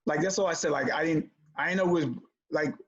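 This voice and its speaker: A man telling a story in a relaxed conversation, his voice sitting a little high. He acts out the voices of the people in his tale with lively energy. The audio is somewhat dull and lo-fi. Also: fast. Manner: animated storyteller acting out quoted voices. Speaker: comedian guest.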